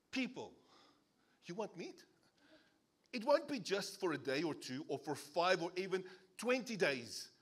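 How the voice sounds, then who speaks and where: A man's voice: high-pitched, slightly rough, pitched above the performer's own voice, heavily acted. A man with a South African accent voicing an exasperated God who scolds ungrateful people with sarcasm. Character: exasperated stern male God, fed up.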